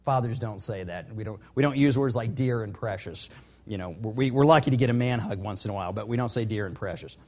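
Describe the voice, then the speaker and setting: A man's voice: fairly low pitch, fairly quick, darkish tone. A middle-aged man preaching a sermon in an earnest, conversational way, with personal stories. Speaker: pastor.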